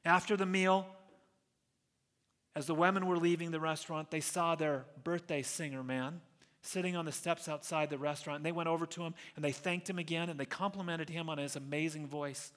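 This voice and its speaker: A male pastor preaching a sermon in an earnest storytelling way, slowing down to stress key phrases. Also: on the high side, fairly even intonation, fairly bright tone. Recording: long reverb of a large hall.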